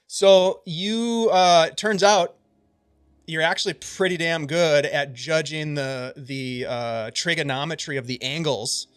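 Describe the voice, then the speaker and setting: Bright-voiced, chatty male game master. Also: on the high side, unhurried, smooth, no room sound. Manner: loose and chatty, with frequent filler. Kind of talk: narrating a tabletop game.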